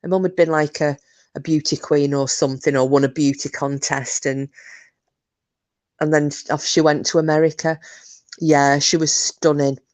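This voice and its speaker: Low-voiced woman chatting to her stream. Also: steady tone, normal speed, darkish tone. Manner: chatty, rambling, many restarts and fillers. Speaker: livestream host. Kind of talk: casual chat with live viewers.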